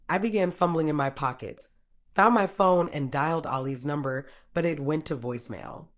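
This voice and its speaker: A woman tells a first-person story in a low, steady voice. Her narration is plain and direct, sprinkled with casual swearing. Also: moderate pace.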